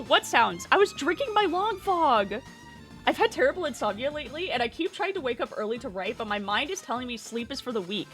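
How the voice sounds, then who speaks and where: A woman streamer chatting casually and with animation, slipping into high baby talk with her pet bird. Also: big pitch swings, brisk, a bit bright, faint music behind.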